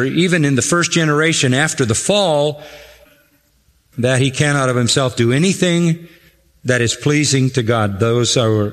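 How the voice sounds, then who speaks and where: A man preaching an expository sermon, emphatic and repeating phrases for stress, slowing and speeding as he drives points home. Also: mid-range voice, fairly bright tone. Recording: hall reverb.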